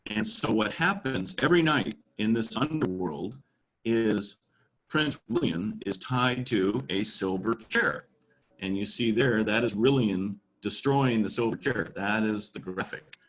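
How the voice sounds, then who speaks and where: A man's voice: fairly low pitch, lively intonation, measured pace, fairly bright tone, low-quality recording. Man casually teaching about a book. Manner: informal, explains as he goes, with fillers. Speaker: church teacher.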